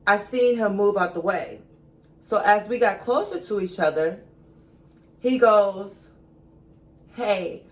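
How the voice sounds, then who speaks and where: A young woman vlogger spins a storytime at an unhurried, drawn-out pace. Her voice sits in an everyday middle pitch, and she talks like she's confiding in a friend, with dramatic retellings and asides of girl and baby. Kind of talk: storytime vlog.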